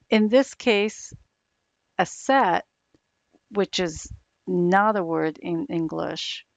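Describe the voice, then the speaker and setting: A woman explaining English pronunciation slowly and deliberately, like a coach. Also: fairly low pitch, creaky, dry recording. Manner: slow, deliberate, instructive. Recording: dull, lo-fi sound.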